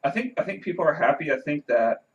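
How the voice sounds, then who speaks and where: A man's voice: on the high side, big pitch swings, fast, far from the mic, dull audio. A man from New Orleans, a guest on a casual sports podcast, who rambles and repeats words as he thinks.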